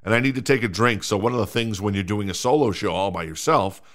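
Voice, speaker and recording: Middle-aged male podcast host, lowish voice, casual and rambling, self-mocking. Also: fast talker, fairly bright tone. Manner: rambling, self-mocking, many fillers and restarts. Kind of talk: casual solo podcast chat.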